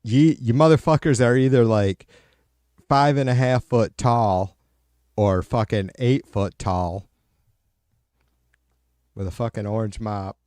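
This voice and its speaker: A man's voice: medium pitch, slow, pauses often, darkish tone, dry recording. A middle-aged man hosting a livestream, chatting casually with viewers and answering their comments aloud in a profane, rambling way. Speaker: livestream host.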